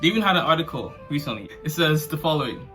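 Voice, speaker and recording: A man's voice: on the high side, lively intonation, quick pace, a bit bright, faint music behind. A man hosting a casual commentary vlog, talking in slangy, sarcastic and mocking asides. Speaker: commentary channel host.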